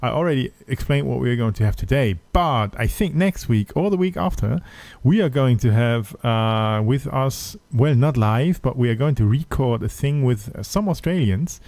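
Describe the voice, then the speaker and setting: A man's voice: medium pitch, animated, normal speed, few pauses, a little mellow, no echo. A man with a German accent hosting a podcast in casual chat, hesitant with many fillers and restarts. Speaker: podcast host.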